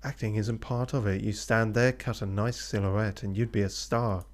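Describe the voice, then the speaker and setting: A man voicing a sleazy, menacing male character from a video game, using a slow, oily and insinuating delivery. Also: lowish voice, fairly even intonation, lightly acted. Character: sleazy, menacing man scouting tall talent.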